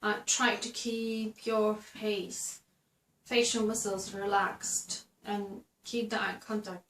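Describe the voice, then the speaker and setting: Woman host, unhurried talk to camera with lots of ums and restarts, roomy echo. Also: medium pitch, level tone, fairly bright tone, a little hiss or hum. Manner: slow, halting, many fillers and restarts. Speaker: video host giving advice. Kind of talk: casual instructional talk to camera. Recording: echoey room.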